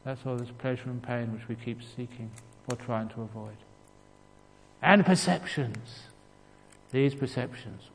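An English man gives a relaxed, humorous Buddhist dharma talk, chuckling as he tells his stories. His voice sits at an ordinary middle pitch and carries a long reverb from a large hall, with faint ambient noise underneath. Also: normal speed, creaky. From England. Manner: humorous storytelling with frequent chuckles. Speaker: Buddhist monk teacher.

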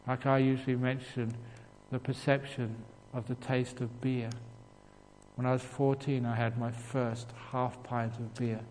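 An English man gives a relaxed, humorous Buddhist dharma talk, chuckling as he tells his stories. His voice sits at an ordinary middle pitch and carries a long reverb from a large hall, with faint ambient noise underneath. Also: measured pace. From England. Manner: humorous storytelling with frequent chuckles. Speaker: Buddhist monk teacher.

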